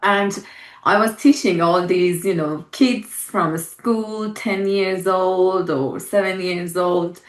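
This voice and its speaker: A woman podcast host, not a native English speaker, speaking slowly and gently as she draws out a guest's stories. She laughs easily. The voice sits in an echoey room. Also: fairly low pitch, fairly even intonation. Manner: slow, warm encouragement, laughs readily. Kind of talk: casual interview chat. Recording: roomy echo.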